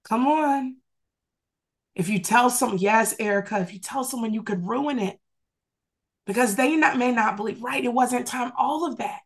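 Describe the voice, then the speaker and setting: A woman's voice: on the high side, moderate pace. A woman teaching a Bible study over a video call, preaching fervently in rhythmic, repeated phrases and calling on listeners to respond. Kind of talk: sermon-style Bible teaching.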